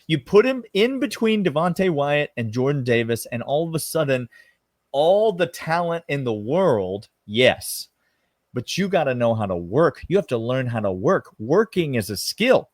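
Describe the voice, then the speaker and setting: A man, co-hosting a casual sports podcast in an emphatic, animated way. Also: a little high, moderate pace, no echo. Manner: emphatic, animated, drawls "y'all". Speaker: podcast co-host.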